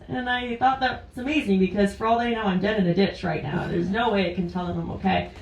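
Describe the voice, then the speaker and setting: A woman's voice: mid-range voice, steady tone, fast, hardly any pauses, a little hiss or hum. A woman tells a true story on a small live stage, chatty and often laughing through her words. Her voice sits mid-range and is caught from a distance. The room around her rings back with echo. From Ontario, Canada. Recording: roomy, distant live-venue sound.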